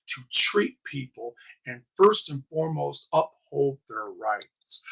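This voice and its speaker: A man's voice: a little high, vocal fry, sharp tone, slightly rough, rough recording. A man in a wheelchair delivering an impassioned, preachy monologue about police and rights, swearing often. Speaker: activist vlogger.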